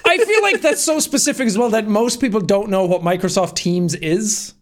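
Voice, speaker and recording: A man's voice: sits high, expressive, moderate pace. A young man co-hosting a podcast in casual chat, joking and laughing a lot. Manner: laughing, jokey, slips into silly voices. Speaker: podcast co-host.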